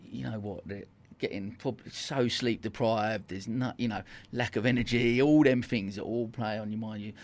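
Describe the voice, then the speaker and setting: A man's voice: on the low side, fairly even intonation, moderate pace, few pauses, darkish tone. A man hosting a podcast in casual interview chat, loose and rambling, full of "like" and "you know". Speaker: podcast host.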